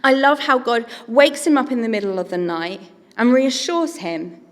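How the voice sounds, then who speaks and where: A woman's voice: fairly high pitch, lively intonation, normal speed, big-room sound. A woman giving an earnest, conversational sermon as a preacher.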